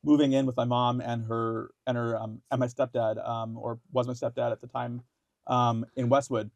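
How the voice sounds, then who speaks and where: A young man from India talks as a podcast guest, halting through his story with lots of ums, restarts and casual swearing. His voice has a gravelly fry at mid pitch, and the recording is dry and close. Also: level tone, a little mellow, no echo. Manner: halting, many fillers and restarts, swears freely. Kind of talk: casual interview talk.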